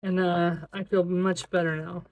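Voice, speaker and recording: A budgeting video creator in a casual vlog, talking to themself while counting cash aloud, sometimes slipping into a drawn-out sing-song cadence. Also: medium pitch, little pitch movement. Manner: chatty self-talk, counting money aloud.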